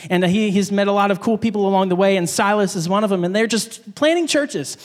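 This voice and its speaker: A man's voice: high-pitched, fast, in a large hall. A man giving a casual sermon, with frequent fillers and restarts. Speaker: preacher.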